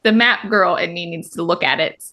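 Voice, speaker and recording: A woman's voice: fairly low pitch, moderate pace, sharp tone. A young woman co-hosting a book podcast, chatting casually and animatedly, acting out characters' lines as she recaps. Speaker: podcast co-host.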